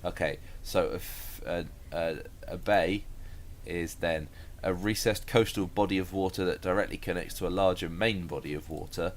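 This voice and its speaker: A man's voice: deep voice, steady tone, normal speed, few pauses. A man co-hosting a casual podcast chat, joking, laughing often and swearing. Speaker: podcast co-host.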